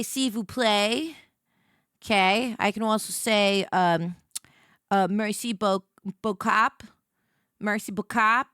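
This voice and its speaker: A woman's voice: mid-range voice, clear, resonant tone, dry recording, studio quality. A woman livestreamer chatting casually with her viewers, playful and rambling, often stammering and repeating herself. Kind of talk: casual stream chat.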